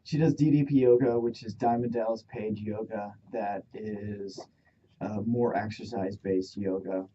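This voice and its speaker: Calm male radio co-host, dark voice. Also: on the low side, normal speed, a little hiss or hum. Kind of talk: casual talk radio chat. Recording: dull lo-fi radio studio sound.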